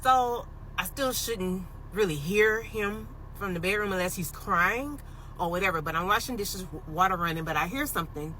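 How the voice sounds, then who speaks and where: A woman's voice: medium pitch, moderate pace, slight background noise, rough recording. A woman in her thirties telling a personal paranormal story in a casual, emotional storytime vlog, with lots of "like" fillers. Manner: emotional, animated retelling with many "like" fillers. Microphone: phone.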